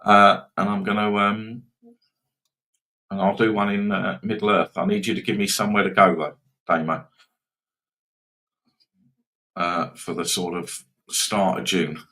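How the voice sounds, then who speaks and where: A man's voice: deep voice, little pitch movement, unhurried, long pauses, sharp tone, poor audio. A man hosting a live betting stream, rambling casually and reacting to football scores and viewers.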